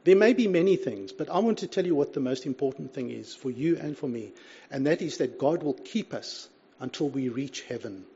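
A man's voice: mid-range voice, animated, a little fast, vocal fry, mellow, slightly rough. A man preaching a sermon in an earnest, conversational way, often saying "you see" and reading scripture aloud. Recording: dull lo-fi recording.

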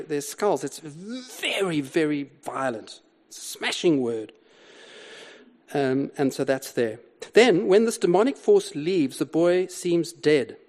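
Older preacher, emphatic, slightly high voice. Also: male voice, a little mellow. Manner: emphatic, repeats key words, rhetorical questions. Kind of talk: sermon with Bible exposition.

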